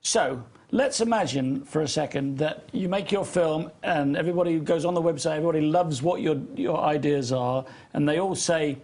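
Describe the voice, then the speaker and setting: Husky man pressing interview questions. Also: a little high, darkish tone. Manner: halting, repeats words, presses the point.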